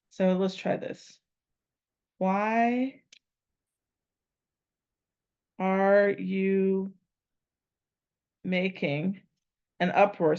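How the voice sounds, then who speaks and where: A woman teaching a Latin translation lesson, thinking aloud and repeating phrases as she works out each line. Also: on the low side. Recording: dull lo-fi recording.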